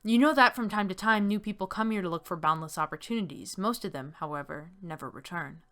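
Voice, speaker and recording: A woman's voice: fairly low pitch, brisk, fairly bright tone. A young woman chatting casually while playing a text game and reading its story aloud, laughing easily and using lots of fillers. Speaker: game streamer. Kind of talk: casual let's-play chat and reading aloud.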